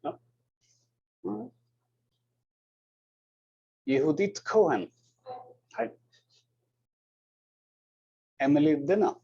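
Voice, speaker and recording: A university lecturer with an Austrian German accent takes questions and calls the roll, his fairly high voice very animated yet slow, mellow and husky. He comes across as hesitant and apologetic, frequently repeating words, in a dull lo-fi classroom recording.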